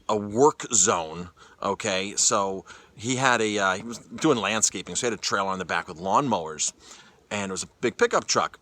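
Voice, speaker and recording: A man with a somewhat low, bright, forceful voice recounts a story to his viewers in a casual vlog. He talks in an animated way and keeps restarting and repeating words as he goes. He sounds like an everyday speaker, not a polished presenter. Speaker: chef and cyclist vlogger.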